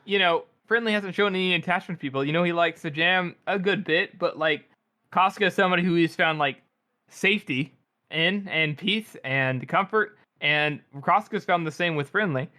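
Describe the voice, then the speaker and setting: Bright, high-voiced laughing man. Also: moderate pace. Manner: emotional, laughs often. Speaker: podcast co-host. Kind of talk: casual book discussion.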